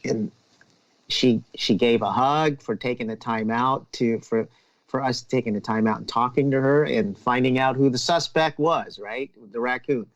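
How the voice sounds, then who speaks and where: A man who is a police officer, telling a story in a casual podcast chat in a steady, unhurried way. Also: medium pitch.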